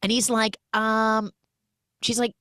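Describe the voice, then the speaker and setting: A woman with a slightly high voice takes her time as she hosts a podcast and recaps a film. Casual and joking, she lively performs the characters' dialogue, captured in a dry recording.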